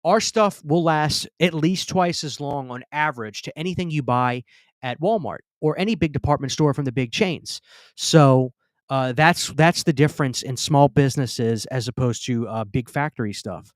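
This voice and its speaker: A man's voice: medium pitch, moderate pace, no echo, clean studio sound. A man from the Southern US hosting a casual live Q&A stream, reading viewer comments and stammering through restarts. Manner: chatty, stammers, reads viewer comments aloud. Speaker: livestream host. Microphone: close studio mic.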